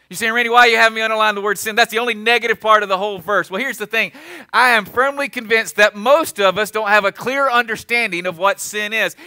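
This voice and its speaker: A man's voice: high-pitched, bright, forceful tone, no echo. A man pastor preaching a sermon, repeating his key lines and asking the congregation questions.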